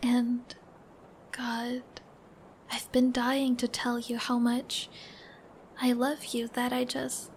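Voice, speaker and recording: A woman's voice: on the high side, completely flat delivery, slow pace, long pauses, slight background noise. A young woman playing a shy, giggly girlfriend who babbles affectionately, in a whispered role-play. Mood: shy, tender.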